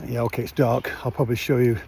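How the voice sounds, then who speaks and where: A man's voice: medium pitch, quick pace, creaky, a little hiss or hum. A man vlogging casually outdoors at night by his van, rambling with lots of fillers. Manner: rambling, relaxed, many fillers. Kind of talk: casual vlog narration.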